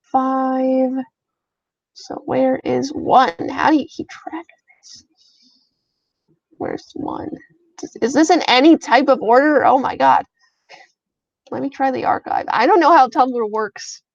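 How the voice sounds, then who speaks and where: A woman's voice: sits high, measured pace, creaky, long pauses, dry recording, highs cut off. A young woman streaming a casual reaction, reading fanfiction aloud and chatting emotionally to herself.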